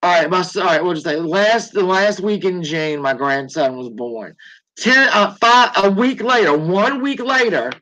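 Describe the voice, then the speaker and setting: A woman's voice: on the low side, expressive, normal speed, a bit bright, rough recording. A woman in her forties hosting a livestream in casual chat, joking and swearing freely as she rambles. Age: 40s. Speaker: livestream host.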